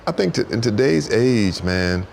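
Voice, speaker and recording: Man, low gravelly voice, lively animated storyteller; faint hiss behind. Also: measured pace. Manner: animated, repetitive storyteller, jumps into high voices for quotes. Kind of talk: storytelling talk-show chat.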